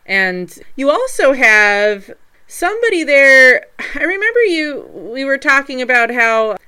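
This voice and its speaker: Bright, clear woman host. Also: high-pitched, big pitch swings, a little slow. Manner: supportive, brief affirmations. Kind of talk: casual interview.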